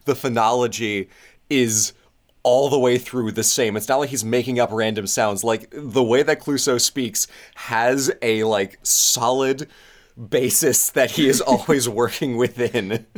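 A man's voice: mid-range voice, measured pace. A man co-hosting a podcast, enthusiastically and casually talking through a film, with offhand swearing and frequent laughs. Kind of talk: casual chat about a film.

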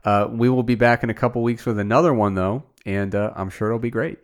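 A man co-hosting a podcast, talking casually in a relaxed, dry way. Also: mid-range voice, fairly quick, hardly any pauses, music in the background. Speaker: podcast co-host. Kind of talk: casual chat.

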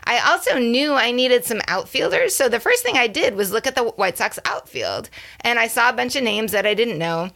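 A woman's voice: a little high, big pitch swings, moderate pace, gravelly, bright, forceful tone. A woman co-hosting a podcast, chatting casually and laughing often, correcting herself as she goes. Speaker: podcast co-host. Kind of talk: casual chat about baseball.

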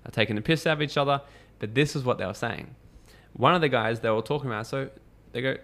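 A man, a podcast guest telling lively stories in casual conversation, acting out quotes and swearing freely. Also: mid-range voice, fast talker, few pauses. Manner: animated storyteller, acts out quotes, swears freely.

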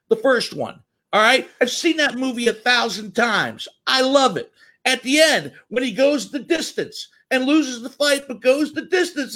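Animated high-pitched podcast host man. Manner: animated, laughing, voice jumps high when excited. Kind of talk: casual storytelling monologue.

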